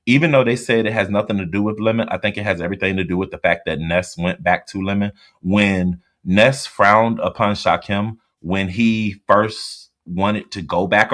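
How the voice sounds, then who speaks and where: A man hosting a casual livestream, chatting bluntly and reacting out loud to the comments as he reads them. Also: on the low side. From US East Coast. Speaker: livestream host. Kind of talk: casual livestream chat reading viewer comments.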